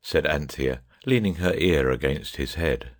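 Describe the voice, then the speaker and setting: A man narrating an audiobook chapter in a measured, even way. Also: rumbling low.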